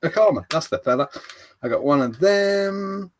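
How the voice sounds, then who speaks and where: A man's voice: high-pitched, expressive, normal speed. A British man co-hosting a live show, laid-back and casual, swearing and stumbling over names. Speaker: co-host.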